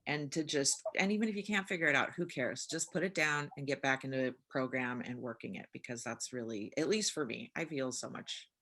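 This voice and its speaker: Casting: woman podcast co-host, low pitch, bright edge, candid and self-mocking in casual talk. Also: brisk, hardly any pauses. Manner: candid, rambling, self-mocking, animated retelling. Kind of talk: casual recovery chat.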